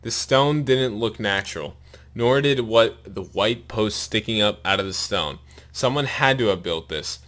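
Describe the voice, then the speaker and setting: A man's voice: on the low side, measured pace. Man reading aloud with a sore mouth. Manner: steady read-aloud narration with pained asides. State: sore, bleeding mouth after wisdom tooth removal. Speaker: storyteller reading a long joke.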